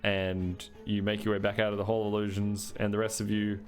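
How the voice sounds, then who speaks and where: Male GM, lowish voice, halting narration, faint music under it. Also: flat delivery. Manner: halting, many fillers and restarts. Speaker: game master. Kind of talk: narrating a tabletop game.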